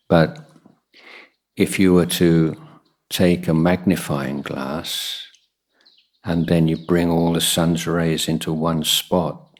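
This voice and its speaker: Male monk for a guided meditation talk: very low, even voice, slow and pausing. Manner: unhurried, pausing often with soft fillers. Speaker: Buddhist monk teaching meditation.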